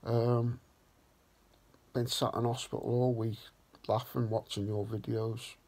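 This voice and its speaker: Man, slow and earnest, gravelly, husky. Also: mid-range voice, little pitch movement, a little mellow. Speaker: vlog host. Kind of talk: reflective vlog talk.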